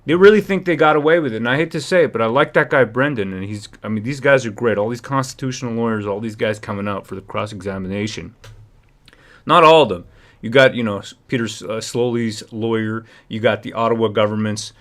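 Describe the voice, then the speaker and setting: A man hosting a live stream, ranting and rambling with frequent restarts and shifts between heated and low-key talk. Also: fast, fairly bright tone. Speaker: livestream host. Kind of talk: ranting livestream commentary.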